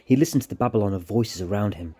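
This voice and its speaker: A man narrating a short story in a measured, steady reading. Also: lowish voice, husky.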